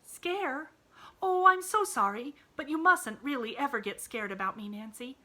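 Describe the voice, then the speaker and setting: A chirpy little girl bursting with eagerness, as a woman reads her aloud for a storybook. The voice is high and airy, with a bright, clear ring and a lilting, singsong swing. Bubbly and breathless, she rushes along, full of sunny delight. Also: lively intonation, heavily acted. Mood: eager.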